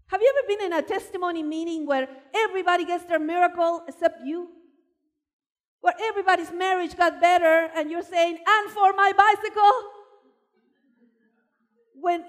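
High-voiced woman preaching in a reverberant hall. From Argentina. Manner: animated storyteller, voice rising for emphasis. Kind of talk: sermon with personal storytelling.

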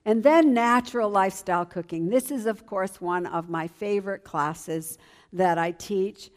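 A woman's voice: medium pitch, unhurried. A woman in her seventies giving an enthusiastic church presentation as a health educator. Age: 70s. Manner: lively, enthusiastic, emphatic.

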